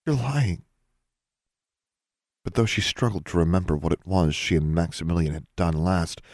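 A male audiobook narrator with a very deep, husky voice, reading at a steady, even pace. The recording is close and dry, with no room sound. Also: dry recording.

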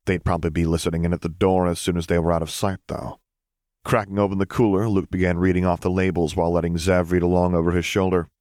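A man narrating a serialized fan fiction story in a steady, even reading voice. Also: low-pitched, quick pace, dry recording, studio quality. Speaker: audiobook reader.

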